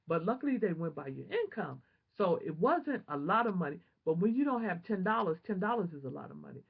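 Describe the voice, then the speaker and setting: Husky, animated woman telling her story. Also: lowish voice, fairly quick, narrow, tinny audio. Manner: animated, emotional, prayerful storyteller. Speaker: vlogger. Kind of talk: personal testimony storytelling.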